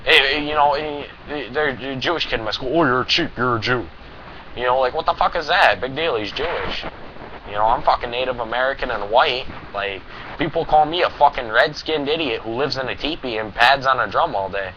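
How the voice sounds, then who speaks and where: A man's voice: mid-range voice, fairly quick. A teenage boy ranting to camera, profane and rambling, with heavy emphasis. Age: teens. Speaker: vlogger. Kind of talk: anti-bullying rant to camera. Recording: dull lo-fi recording with clear noise.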